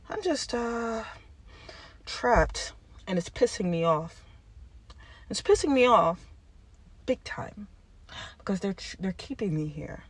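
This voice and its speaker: A woman vlogger talking straight to the camera in an impassioned monologue, jumping from yelling to hushed tones. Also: a little high, slightly rough.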